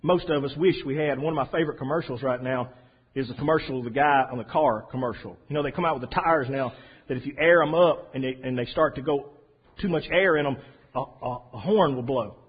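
A man preaching a sermon in a folksy, storytelling way, swinging from soft asides to loud emphasis. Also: medium pitch, fairly quick, slightly rough. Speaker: pastor. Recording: dull lo-fi sound.

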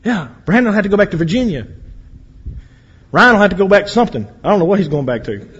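A man preaching a sermon, acting out voices and swinging between loud and quiet. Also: high-pitched, expressive, quick pace, slightly rough, dull audio. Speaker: pastor. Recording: echoey hall with long reverb.

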